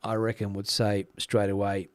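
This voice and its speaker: A man's voice: on the low side, monotone, moderate pace, no echo. A middle-aged man with an Australian accent, casually chatting on a live stream, rambling with plenty of fillers and restarts. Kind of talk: casual live-stream chat reading comments.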